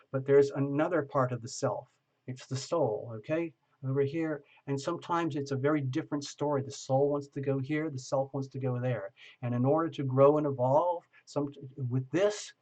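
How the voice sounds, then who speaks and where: A man's voice: mid-range voice, a little mellow, low-quality recording. Chatty male tarot reader. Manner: chatty, reassuring, often checks in with okay. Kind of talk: live-stream tarot reading.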